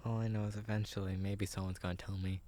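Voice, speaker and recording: A man's voice: deep voice, little pitch movement, fast, dark tone, a little hiss or hum. A young man co-hosting a podcast in whispered role-play, rambling and laughing at the idea. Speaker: podcast co-host.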